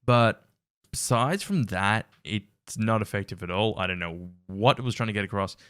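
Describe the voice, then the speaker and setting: A man's voice: on the low side, animated, moderate pace, a bit bright, smooth, no room sound, clean studio sound. A man hosting a casual reaction commentary, wry and incredulous, laughing often. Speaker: reaction video host.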